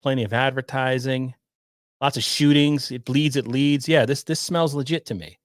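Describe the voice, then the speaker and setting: A man's voice: medium pitch, steady tone, normal speed, dry recording, studio quality. A man hosting a podcast livestream, reacting to a news clip and rambling sarcastically. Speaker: podcast host. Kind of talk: casual livestream commentary.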